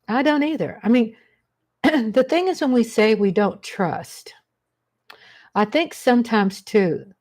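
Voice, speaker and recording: A woman's voice: fairly high pitch, slow, darkish tone. A woman hosting a casual livestream, rambling chattily and greeting viewers by name as she talks. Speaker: livestream host. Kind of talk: casual live-chat monologue.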